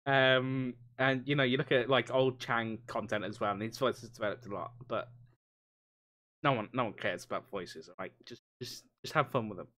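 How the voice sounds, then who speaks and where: A man's voice: medium pitch, fairly even intonation, moderate pace, fairly bright tone. A man hosting a podcast, chatting casually and encouraging his guests. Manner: encouraging, upbeat. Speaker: podcast host. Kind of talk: casual chat.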